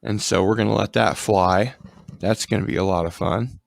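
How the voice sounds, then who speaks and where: A man's voice: lowish voice, steady tone, normal speed, gravelly, no echo. A man hosting a casual livestream chat, rambling with ums and restarts. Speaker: livestream host.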